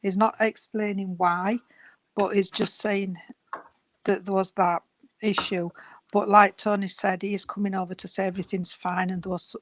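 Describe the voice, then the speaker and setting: A woman, giving a gentle, careful spiritualist reading during a church service. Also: mid-range voice, flat delivery, moderate pace, poor audio. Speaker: medium.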